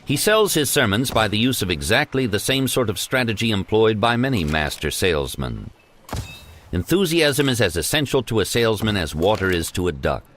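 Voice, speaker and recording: Man reading with low, animated emphasis. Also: moderate pace, slight background noise. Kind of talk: reading an old self-help text aloud.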